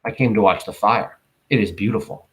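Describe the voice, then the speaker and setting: A man's voice: lowish voice, natural voice. A man voicing a polite, menacing old male vampire with a faint foreign accent. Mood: courteous. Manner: slow, soft-spoken, faint foreign accent.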